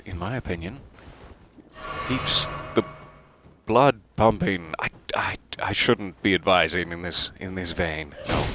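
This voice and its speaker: A man with a fairly low voice and a very animated, swooping delivery. He comments on a game in a theatrical, playful way, addressing characters directly. His asides are self-deprecating and chatty. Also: noisy background. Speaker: let's play streamer. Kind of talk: casual gameplay commentary.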